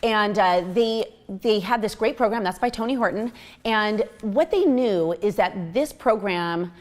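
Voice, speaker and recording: Chatty upbeat woman giving a recruiting pitch. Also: unhurried. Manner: chatty and upbeat, full of fillers. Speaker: team coach recruiting new coaches.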